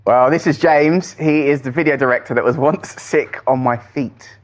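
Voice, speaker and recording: A man, a panellist on a comedy show, telling an anecdote in a relaxed way. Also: mid-range voice, moderate pace. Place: TV studio.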